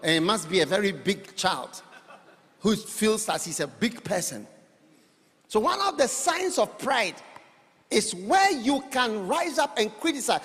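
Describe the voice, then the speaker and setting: A man preaching a sermon to a congregation, animated and rhetorical, teasing his listeners with questions. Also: high-pitched, unhurried. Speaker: pastor. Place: church hall. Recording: long church-hall reverb.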